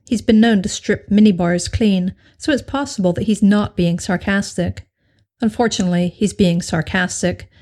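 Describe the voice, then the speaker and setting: A woman reading a piece of fan fiction aloud as narrator, in an even storytelling manner. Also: medium pitch. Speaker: story reader.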